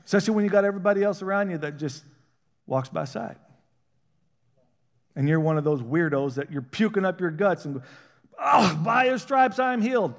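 A man with a high voice preaches a sermon in a casual, folksy manner. He keeps asking his listeners questions and pushing for a response, and his emphasis climbs as he goes. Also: fairly quick, long pauses. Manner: call-and-response, rising to shouted emphasis; conversational, folksy preaching with laughs.

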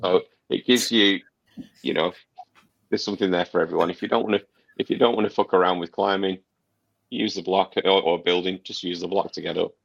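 A man's voice: low voice, fairly even intonation, a little fast, creaky, dry recording, muffled recording. A man co-hosting a casual gaming podcast, giving long rambling explanations and swearing casually. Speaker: podcast co-host reviewing a game.

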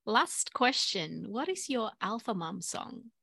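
A woman hosting a podcast, reacting with encouraging remarks and asking unhurried questions. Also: medium pitch, very animated, creaky, sharp tone, breathy edge, dry recording, studio quality. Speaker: podcast host. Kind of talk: casual interview chat.

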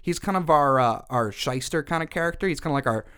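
A man in a casual brainstorming chat, talking animatedly and acting out quick character voices. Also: fairly high pitch, expressive, fairly bright tone, clear, resonant tone.

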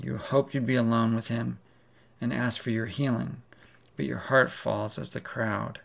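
Gravelly man preaching a dramatic sermon. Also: medium pitch. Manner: dramatic second-person storytelling.

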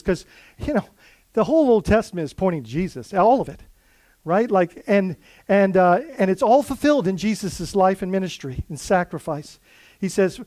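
High-voiced earnest preaching man. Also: a little mellow, no echo. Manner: earnest, conversational preaching with many fillers and restarts. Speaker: pastor. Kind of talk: sermon.

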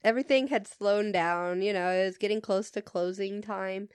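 A woman's voice: medium pitch, normal speed, smooth, dry recording, clean studio sound. A woman co-hosting a casual podcast who tells a story with lots of laughter and swearing. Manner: laughs often, swears freely, animated retelling. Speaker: podcast co-host.

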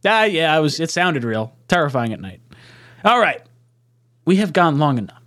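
A man co-hosting a casual sports chat stream, animated and self-mocking, breaking into laughs as he tells stories. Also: a little high, normal speed. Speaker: podcast co-host.

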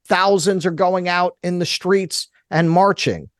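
A man's voice: high-pitched, steady tone, unhurried, no echo, clean studio sound. A man from Brooklyn, a guest on a political radio show, speaking in an impassioned, indignant way. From Brooklyn, New York. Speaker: guest commentator. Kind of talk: political talk radio interview.

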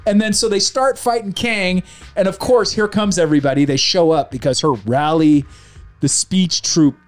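A man casually ranting about a film on his show, animated and mocking, with a faint music bed. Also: high voice, moderate pace. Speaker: podcast host reviewing a film. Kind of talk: casual opinionated chat.

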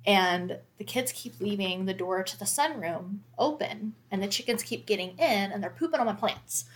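A woman's voice: mid-range voice, moderate pace, a little hiss or hum. A woman in her thirties, a mother of four, talking candidly and reflectively in a casual faith conversation, with many fillers.

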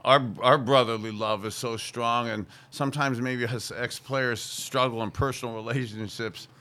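A man's voice: medium pitch, fairly even intonation, moderate pace, bright, forceful tone. A middle-aged man hosting a sports show, talking football in an emphatic, rambling way. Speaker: show host, former quarterback. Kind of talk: casual sports talk.

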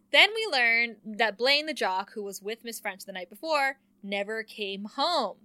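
Bright, dry-voiced woman recapping chattily. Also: on the high side, expressive, dry recording. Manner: chatty, laughing, quick plot recapping. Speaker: podcast co-host. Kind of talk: casual recap chat.

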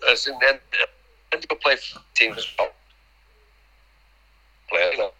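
Man, middle-aged, podcast guest, rambling anecdotes, bright forceful tone. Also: mid-range voice, animated, moderate pace, long pauses, rough recording. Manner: rambling, repeats words, acts out quoted dialogue. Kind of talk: casual anecdotal storytelling.

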